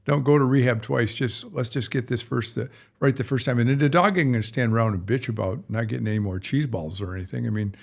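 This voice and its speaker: Gravelly, rambling middle-aged man vet. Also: mid-range voice, fast, hardly any pauses. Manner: rambling, folksy, blunt. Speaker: veterinarian. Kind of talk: casual podcast chat.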